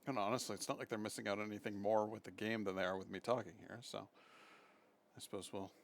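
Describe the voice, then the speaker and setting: A man chats casually with viewers while streaming from home, talking fast in a lowish voice with vocal fry. He's chatty and keeps breaking into excited baby talk with his dog.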